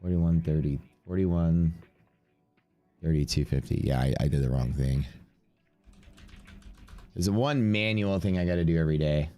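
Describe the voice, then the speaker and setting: A man's voice: very deep voice, moderate pace, long pauses, mellow, faint music behind. A young adult man with sniffles, casually commentating a live trading stream and thinking aloud as he reads out numbers. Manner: offhand, thinking aloud while reading out numbers. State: congested with sniffles. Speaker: live-stream day trader.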